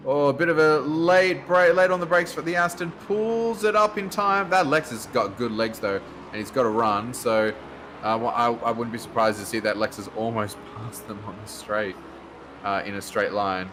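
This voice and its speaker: An Australian man commentates a sim race in a loose, chatty way. He laughs easily between calls, and there is clear noise under his voice. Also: medium pitch, normal speed.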